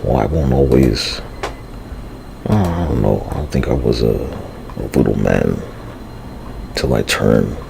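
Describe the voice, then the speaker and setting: A man's voice: extremely low pitch, lively intonation, a little slow, gravelly, pauses often, background noise. A man rambling through a livestream monologue, profane and slangy, drifting between thoughts with sighs and fillers.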